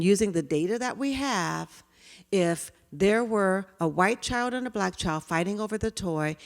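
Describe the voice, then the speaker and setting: A woman's voice: fairly low pitch, gravelly, long reverb tail. A woman giving a conference talk to teachers at an education event, with frequent "um" fillers and acted-out teacher and child dialogue. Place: lecture venue.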